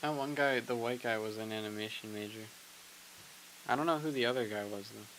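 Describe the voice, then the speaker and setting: A man's voice: fairly low pitch, fairly quick, a bit bright, a little hiss or hum, poor audio. A young man co-hosting a college radio show, chatting casually and joking dryly. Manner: dry, joking one-liners. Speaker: radio co-host. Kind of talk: casual chat.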